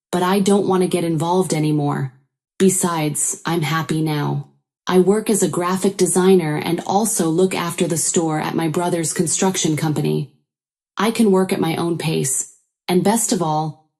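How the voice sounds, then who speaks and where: Low, mellow woman narrating a story. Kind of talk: scripted first-person story narration.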